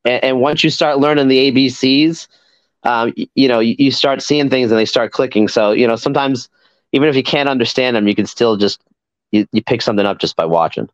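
A man's voice: mid-range voice, brisk, no echo, highs cut off. A man who teaches martial arts, a podcast guest speaking earnestly and reflectively, often repeating words as he talks. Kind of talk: casual interview chat.

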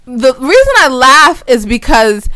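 Una mujer que conversa de forma casual, contando una historia con animación y soltando risitas mientras habla. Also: female voice, high-pitched, a little slow, dry recording. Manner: giggly, keeps chuckling while she talks; animated storyteller. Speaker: podcast co-host. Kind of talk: casual chat.

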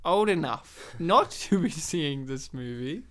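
A man with an Australian accent hosting a casual podcast chat, animated and quick to swear and laugh. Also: a little high. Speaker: podcast host.

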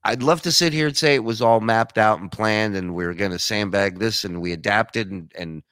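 A man, a show host appearing as a guest, telling stories in an animated way and laughing as he talks on a live stream. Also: lowish voice, normal speed, clean tone, no room sound, studio quality. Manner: storytelling, animated, laughs while talking. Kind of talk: casual live-stream chat.

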